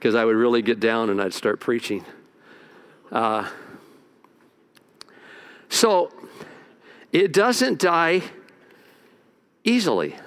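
A man, a pastor, preaching a sermon with dramatic swings between loud exhortation and quiet asides. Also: mid-range voice, lively intonation, slow pace, long pauses, clean tone.

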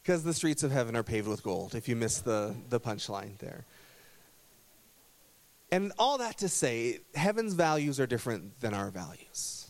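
A man's voice: medium pitch, very animated, moderate pace. A man preaching a sermon as pastor, conversational, telling a story with small self-corrections.

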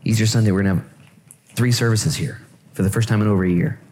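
A male pastor preaching a lively sermon at a church service, joking and repeating phrases for emphasis. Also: fairly low pitch, fast talker, slight background noise.

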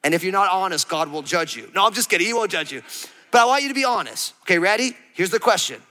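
A pastor in his thirties preaches a sermon in a reverberant, large church hall, his voice high-pitched, expressive, bright and forceful as he talks fast. He is playful and conversational, acting out quotes and putting questions to his congregation.

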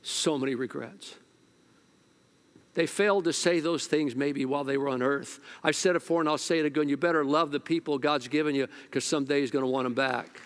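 A male pastor preaching a sermon at a church service, telling stories, sometimes hushed and sometimes loud. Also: fairly high pitch, steady tone, fairly quick.

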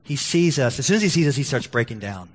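A man preaching as a pastor, with a voice of middle pitch. He tells his story with stumbling restarts and puts on lively voices for the people he quotes. The sound rings with the long reverb of a church hall. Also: quick pace. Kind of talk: sermon with story and prayer. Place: church sanctuary.

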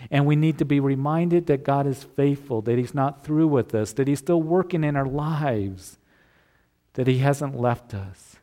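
Preaching a sermon, this male pastor sounds earnest and conversational, with an ordinary mid-range voice. He keeps a measured pace and a warm tone, now and then restarting a phrase as he works through his point.

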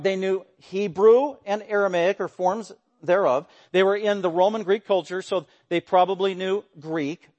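A high-voiced pastor preaches an expository sermon, animated and emphatic, with bursts of raised voice. Now and then he mimics voices for the lines he quotes.

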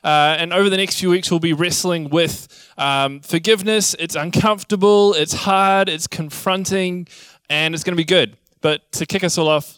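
A young man preaching a sermon, telling childhood stories in a lively, animated way. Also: a little high, normal speed, clean tone, no echo, studio quality. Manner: animated storytelling, acts out childhood scenes. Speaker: pastor.

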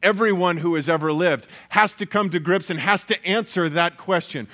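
A man's voice: high voice, normal speed, few pauses, a bit bright. A man preaching a sermon, earnest and emphatic, often repeating phrases for weight. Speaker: pastor.

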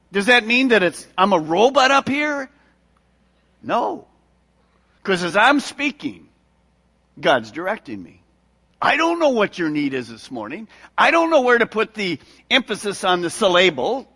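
A male pastor preaching a sermon, animated and acting out the voices of people he quotes. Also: high-pitched. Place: church sanctuary. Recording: long hall reverb.

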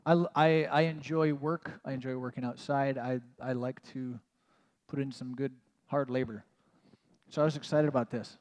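Casual pastor preaching in a reverberant hall. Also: male voice, medium pitch, fairly even intonation, normal speed, darkish tone. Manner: casual and self-mocking, many "like" asides. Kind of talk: conversational sermon. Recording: long reverb of a large hall.

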